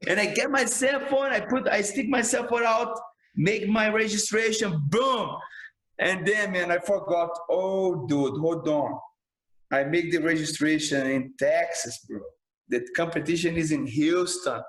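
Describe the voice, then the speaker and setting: A man's voice: high voice, a little slow, a bit bright, echoey room, poor audio. A man, a jiu-jitsu instructor talking passionately in a casual podcast interview, filling his speech with "man" and "bro".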